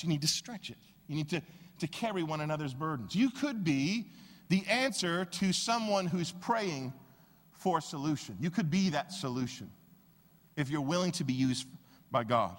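A man preaching a sermon as pastor, telling stories with animated, acted-out quotes. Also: a little high, normal speed, big-room sound. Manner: animated storytelling, acts out quoted voices.

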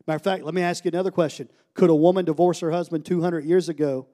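Man preaching with hushed-to-loud swings. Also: on the high side, fairly even intonation, fast talker. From United States. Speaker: pastor. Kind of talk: sermon.

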